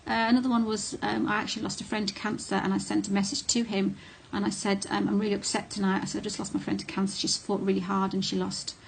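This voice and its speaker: A woman's voice: mid-range voice, little pitch movement, fast, creaky, hardly any pauses, slight background noise. A middle-aged woman talking casually to camera, blunt and candid, with frequent ums and restarts. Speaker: vlogger on narcissistic abuse.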